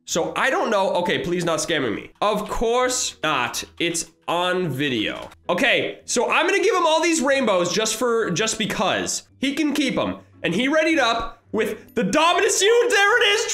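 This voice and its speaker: A man giving excitable, rambling gameplay commentary as a gaming YouTuber. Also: high voice, roomy sound.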